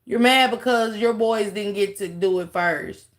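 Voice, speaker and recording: A woman with an unhurried, mid-range voice hosts a casual livestream, mocking a clip she's reacting to. She talks straight to her chat, thanks her viewers, and drops laughing asides.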